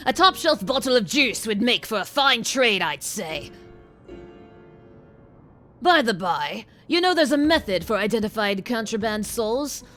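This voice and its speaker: A woman putting on a gravelly New York inspector. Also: on the high side, sing-song, fairly bright tone, soft background music, voice pushed down. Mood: gruff. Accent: attempted New York. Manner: hard-boiled detective slang, slow and clipped. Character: tough-talking male inspector, gruff and blunt. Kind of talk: reading game dialogue aloud in a put-on voice.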